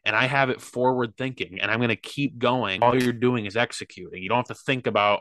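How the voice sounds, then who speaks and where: A man's voice: mid-range voice, steady tone, fairly quick, few pauses, fairly bright tone, dry recording. A young man talking earnestly and rambling with lots of fillers in a casual podcast chat. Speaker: podcast guest, athlete.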